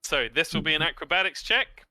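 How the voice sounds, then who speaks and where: A man's voice: a little high, lively intonation, fairly quick, sharp tone, dry recording. A man narrating as game master of a tabletop role-playing game, describing scenes vividly and adding sound effects.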